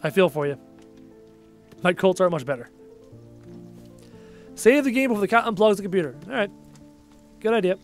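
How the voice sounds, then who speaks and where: A tired man hosting a gaming livestream, casually rambling and reading viewer comments aloud, his phrases often trailing off quietly. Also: sits high, lively intonation, fairly quick, long pauses, soft background music. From Canada. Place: home.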